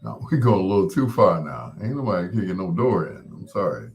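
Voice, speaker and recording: A man's voice: deep voice, very animated, brisk, darkish tone. A man hosting his show, telling a casual story, laughing as he acts out the people he quotes. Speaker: host.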